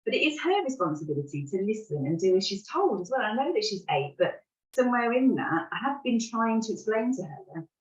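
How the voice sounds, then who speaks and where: A woman's voice: mid-range voice, sing-song, fairly quick. A woman, candidly talking through a parenting moment and laughing at herself along the way. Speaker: parent sharing an example. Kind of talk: reflective conversational talk. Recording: roomy, distant, dull sound.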